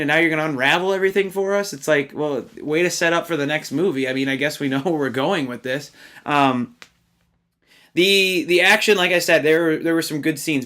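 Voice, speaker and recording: A man's voice: on the high side, fairly bright tone. Rambling man reviewing a film. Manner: rambling, exasperated, swears when worked up. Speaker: movie reviewer. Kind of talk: casual spoken film review.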